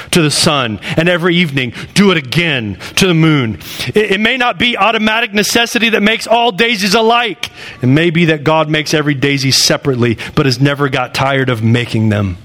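A man in his thirties delivers a sermon with a fairly high voice. His talk is conversational and full of repetition. He swings between loud, climbing bursts and low, hushed lines. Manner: animated, rising to loud bursts then dropping low and quiet; conversational preaching with repeated phrases. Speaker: pastor.

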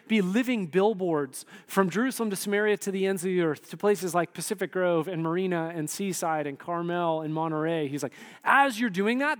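A man with a high voice preaches a sermon in a casual, animated way. He swings from loud to hushed when he voices quotes. The sound carries a long reverb, as in a large hall. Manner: conversational, animated, voices quotes with sudden shifts in loudness. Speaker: pastor.

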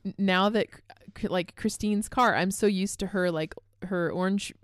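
A woman's voice: mid-range voice, fairly even intonation, normal speed, no echo. A woman with a mid-range voice tells stories in a rambling, easygoing way. She corrects herself often and fills her talk with "like" and "dude". The sound is dry and close. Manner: rambling, self-correcting storyteller, says "like" and "dude" a lot. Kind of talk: casual chat.

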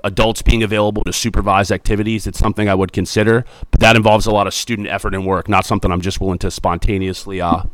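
Upbeat low-voiced man, chatty principal. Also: little pitch movement, quick pace, few pauses, dry recording. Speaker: school principal. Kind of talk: casual interview answers.

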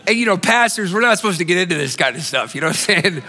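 A man's voice: high voice, expressive, quick pace, bright, forceful tone, slight background noise. A male pastor preaching a sermon in a conversational, storytelling way, often restarting his phrases. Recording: long hall reverb.

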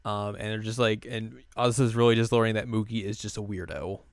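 A man casually recapping an anime episode, acting out the characters' lines in livelier, higher voices. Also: brisk, no room sound, studio quality. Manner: animated retelling, acts out characters' lines in raised voices. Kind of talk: casual chat.

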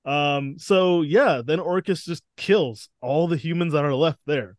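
A man's voice: on the high side, unhurried, dry recording, studio quality. A man co-hosting a podcast, retelling story events in casual chat and acting out characters' lines. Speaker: podcast co-host.

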